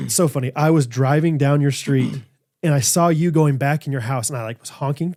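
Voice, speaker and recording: A man's voice: a little high, normal speed, no room sound, clean studio sound. A man in his thirties co-hosting a podcast, rambling through stories with lots of fillers and reading ads in a casual way. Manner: rambling, animated storytelling with fillers. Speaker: podcast co-host. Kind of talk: casual chat with ad reads.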